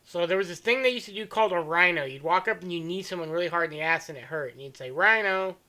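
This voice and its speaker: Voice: mid-range voice, very fast, crowd noise. A podcast host telling crude, joking stories in a casual chat.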